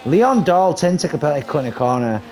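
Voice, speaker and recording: A race commentator gives excitable, chatty live commentary on a sim racing league, swearing casually as game noise plays behind him. His voice is a little high and fast.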